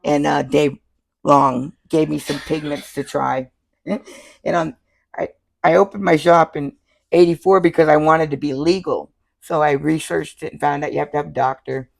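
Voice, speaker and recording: An older woman from Florida, a tattoo artist telling lively stories in an interview, laughing often and acting out the people she quotes. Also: low-pitched, moderate pace, gravelly. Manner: animated, laughs often, acts out quoted voices. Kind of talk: casual storytelling interview.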